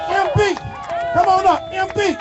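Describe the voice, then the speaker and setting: A man with a very high, strained speaking voice gives a fiery rally speech outdoors, shouting and calling out to the crowd like a preacher. It is caught on a phone in the crowd, so the sound is muffled and dull. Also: steady tone, unhurried, very noisy. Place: outdoor protest march. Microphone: phone recording from the crowd.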